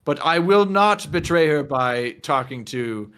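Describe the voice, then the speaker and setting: A man's voice: on the high side, animated, measured pace, a bit bright, smooth. A man voicing a stoned, leering male noble who rambles and flirts in a drawling way during a tabletop game. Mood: bitter. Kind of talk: tabletop character voice.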